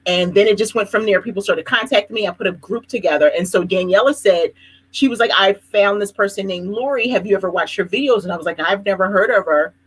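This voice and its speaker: A woman hosts a relaxed live chat and tells stories with lots of animation and laughter. Her voice is husky and sits at a middle pitch. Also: quick pace, poor audio. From Philadelphia. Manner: animated storytelling, laughs often. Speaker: host.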